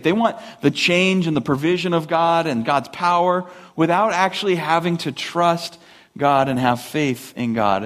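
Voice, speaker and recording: A man preaching a sermon as a pastor, talking in a conversational way and acting out the story with lively voices. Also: on the high side.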